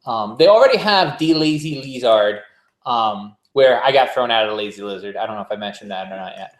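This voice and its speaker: A chatty man rambles along in casual podcast talk and laughs easily. His voice sits at an ordinary middle pitch. The recording has a roomy echo around it. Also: expressive, fairly quick. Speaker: podcast co-host. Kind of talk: casual chat. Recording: echoey room.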